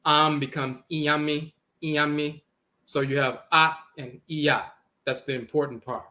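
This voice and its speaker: A man gives a lecture on how words change, with a bright, forceful edge to his voice. He talks deliberately, spells out letters and says each word twice. He points to text on a screen as he goes. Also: a little high, little pitch movement. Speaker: lecturer on language origins.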